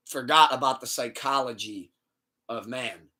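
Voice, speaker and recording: A man hosting a podcast in casual chat, telling the story in an animated, swearing rant. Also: medium pitch, normal speed. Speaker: podcast host.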